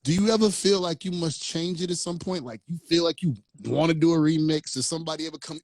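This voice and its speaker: A man co-hosting a casual interview, teasing the guest with loud laughs and playful asides. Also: a little high, fast talker, few pauses, no echo, studio quality. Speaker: podcast co-host.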